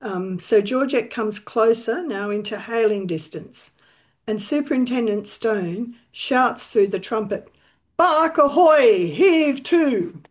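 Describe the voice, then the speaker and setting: A woman's voice: mid-range voice, a little slow, a little mellow. A woman telling a historical sea story in conversation, now and then briefly voicing the people she quotes. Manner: recounts events, briefly voicing quoted figures. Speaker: storyteller guest.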